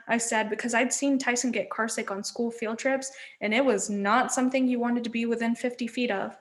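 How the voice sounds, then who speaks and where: A woman with a fairly high voice reads a novel aloud as a teacher. She tells the story expressively and shifts into voices for the characters. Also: fairly even intonation, moderate pace, few pauses, fairly bright tone.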